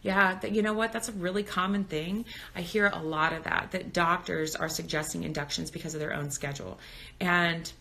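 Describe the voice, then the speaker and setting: Chatty woman in her thirties, bright voice. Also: fairly low pitch, steady tone, normal speed. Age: 30s. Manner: candid, talkative, reads comments aloud. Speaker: birth educator on Instagram live. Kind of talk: casual live-stream chat. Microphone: phone.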